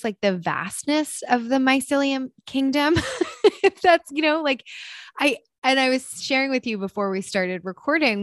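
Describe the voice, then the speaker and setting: A woman's voice: mid-range voice, dry recording. A woman in her thirties hosting a casual interview, chatty and self-interrupting, laughing easily. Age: 30s. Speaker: podcast host.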